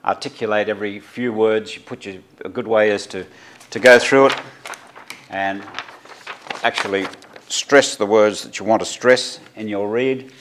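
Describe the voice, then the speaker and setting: A middle-aged man with an Australian accent teaches a journalism class in an unscripted tutorial. His voice sits on the low side, and he talks haltingly, full of fillers and restarts as he explains practical steps. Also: a little hiss or hum. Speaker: journalism lecturer.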